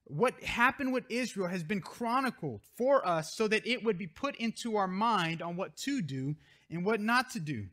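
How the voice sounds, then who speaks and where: A man's voice: high-pitched, expressive, normal speed, fairly bright tone. A man pastor preaching a sermon, reading scripture verses aloud and stressing key words as he explains them. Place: church sanctuary.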